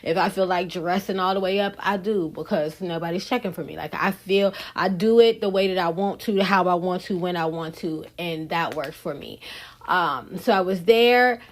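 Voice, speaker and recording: A woman's voice: lowish voice, moderate pace. A woman hosting a podcast, chatting casually and frankly to her listeners. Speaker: podcast host. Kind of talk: casual solo podcast chat.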